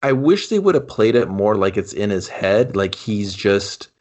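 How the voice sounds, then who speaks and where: A man's voice: fairly low pitch, very animated, normal speed, a little mellow. A man co-hosting a casual movie review podcast, joking and quoting characters in offhand voices. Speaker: podcast co-host.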